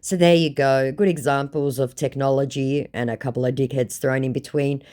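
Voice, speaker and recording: A woman's voice: very deep voice, fairly even intonation, normal speed, warm tone. An Australian woman casually recounting a story in a blunt, sarcastic way, swearing freely. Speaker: scam-baiting channel host.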